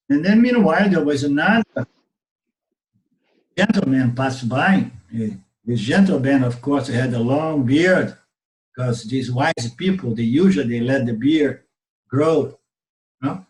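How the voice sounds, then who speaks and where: This Vedanta teacher speaks Portuguese as his first language and has a Brazilian accent, with a medium-pitched voice and a slightly slow delivery. He narrates a teaching story for an online class, checking in with "okay?" again and again, over roomy webinar audio.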